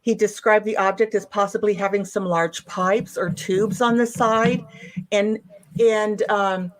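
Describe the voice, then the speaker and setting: A woman's voice: medium pitch, fairly even intonation, unhurried. A woman presenting a witness case as an investigator, going step by step with frequent ums and restarts.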